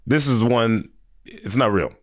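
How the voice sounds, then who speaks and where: A man's voice: mid-range voice, a little slow. A man, a stand-up comedian, chatting loosely as a guest and rambling through stories with laughs. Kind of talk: casual podcast chat.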